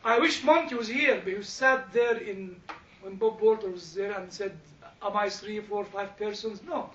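A man with a very high, bright voice leads a church discussion group informally and with animation, speaking at a moderate pace, repeating himself, chuckling and frequently engaging his listeners. He was recorded from afar in an echoey indoor room, giving somewhat dull sound.

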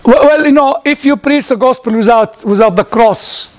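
High-voiced man with a foreign accent. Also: normal speed. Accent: foreign accent in English. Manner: storytelling, repeats words, chuckles at his own anecdotes. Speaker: church speaker answering audience questions. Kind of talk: informal Q&A teaching.

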